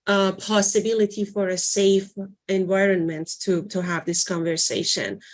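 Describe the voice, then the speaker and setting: A woman leading a library workshop in an informal teaching voice, conversational and often pausing to search for words with fillers. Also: mid-range voice, level tone. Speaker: workshop presenter.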